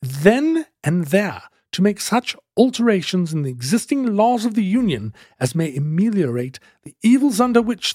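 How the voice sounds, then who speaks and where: A man's voice: high voice, a little mellow, dry recording, studio quality. A man voicing a grandiose self-declared emperor who reads out a formal proclamation in a vague, made-up accent. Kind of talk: comic reading in a put-on voice.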